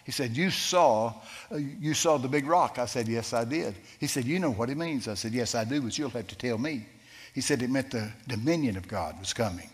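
A man preaching and spinning a tale from the pulpit, his voice landing at an everyday pitch. He bursts into shouts whenever he quotes someone. A long reverb trails each phrase around the hall. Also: a little fast. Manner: animated, shouting quoted lines. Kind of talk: sermon storytelling.

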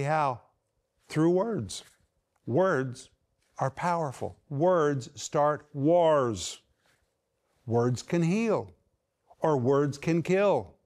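Emphatic male preacher, higher voice. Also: darkish tone. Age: middle-aged. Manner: emphatic, slows right down on key words. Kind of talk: sermon.

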